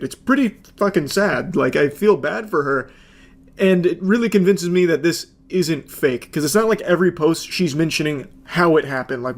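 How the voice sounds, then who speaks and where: A man in his thirties giving sarcastic, profane, deadpan commentary while reading text messages aloud. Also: a little high. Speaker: commentary host.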